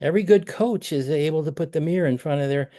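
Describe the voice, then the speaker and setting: A man's voice: fairly high pitch, fast, dark tone. A middle-aged man coaching a parent over a video call, talking conversationally and acting out example phrases.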